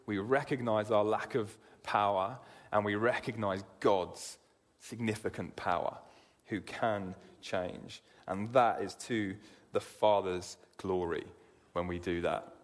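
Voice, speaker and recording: A man's voice: fairly low pitch, steady tone, takes it slowly. A man preaching a sermon in an earnest way, often repeating words as he begins a sentence. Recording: long hall reverb.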